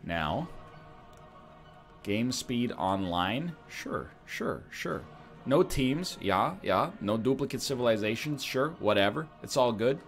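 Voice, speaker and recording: Animated joking man over game music. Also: medium pitch, unhurried. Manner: animated, joking, thinking aloud. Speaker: gaming streamer. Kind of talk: casual gameplay commentary.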